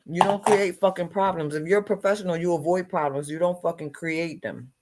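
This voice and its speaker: A woman's voice: lowish voice, a little fast, few pauses, darkish tone. A woman delivering an agitated, unscripted monologue rant, swearing constantly and repeating herself. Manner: profane, repetitive, agitated ranting.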